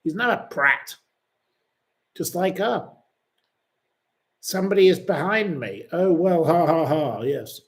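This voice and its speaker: Man, livestream host, indignant harsh commentary, high voice. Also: animated, slow, pauses often. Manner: indignant, harsh name-calling, reads viewer comments aloud.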